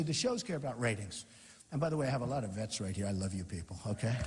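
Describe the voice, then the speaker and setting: A man delivering an improvised campaign rally speech in a large venue, his fairly high voice swooping up and down with lively emphasis. He rambles, repeats phrases and boasts, and the sound trails off in a long hall reverb. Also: a little hiss or hum. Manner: rambling, repetitive, boastful and mocking. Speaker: political candidate.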